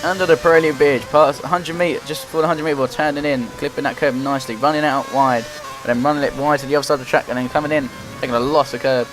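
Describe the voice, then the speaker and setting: A young man giving running play-by-play commentary while playing a racing game, getting excited and frustrated as he drives. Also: mid-range voice, quick pace. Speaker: gaming commentator. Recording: loud game music behind the voice. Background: game music and engine noise.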